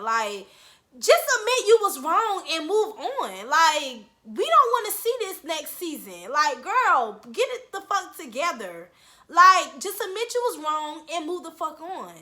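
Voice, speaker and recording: A woman's voice: high voice, sing-song, measured pace, sharp tone. A young woman giving a blunt, profane casual recap of a reality show, scolding the cast as she goes. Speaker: reality TV reviewer.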